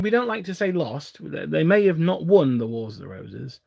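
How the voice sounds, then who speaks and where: A man's voice: on the high side, expressive, normal speed, creaky, darkish tone, dry recording, studio quality. A man from England hosting a live stream, chatting casually and rambling with frequent restarts and chuckles while he builds models at his desk. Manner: rambling, self-interrupting, chuckling often.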